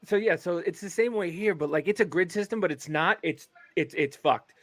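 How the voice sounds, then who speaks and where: A man's voice: high voice, brisk. Rambling, swearing man telling stories. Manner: rambling, swearing, animated storytelling. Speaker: guest comedian. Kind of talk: casual podcast chat.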